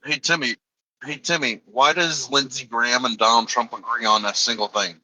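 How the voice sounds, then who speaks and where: A man's voice: medium pitch, fairly even intonation, normal speed, sharp tone, low-quality recording. A man chatting informally as a co-host on a stream, a bit hesitant.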